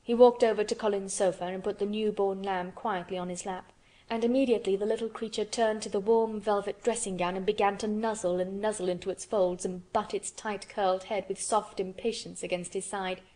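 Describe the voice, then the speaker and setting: A woman narrating a classic storybook aloud in a steady, measured way. Her voice sits at a middling pitch for a woman, calm and even in delivery. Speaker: audiobook narrator. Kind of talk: scripted narration.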